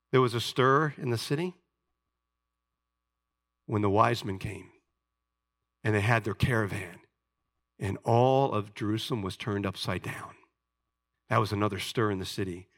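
A man pastor preaching a sermon, animated, swinging from loud declarations to hushed asides. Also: mid-range voice.

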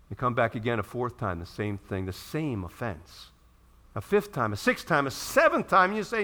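A male pastor preaching a sermon to his church, animated and acting out the voices of people pleading for forgiveness. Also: a little high, fairly quick.

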